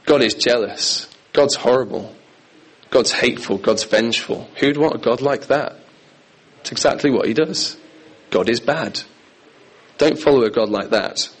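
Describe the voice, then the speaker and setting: An earnest man delivering a sermon, leaning hard on key phrases and repeating them for weight. His pitch sits in an ordinary middle range for a man. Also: a little slow, long pauses, breathy edge, rough recording. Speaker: preacher.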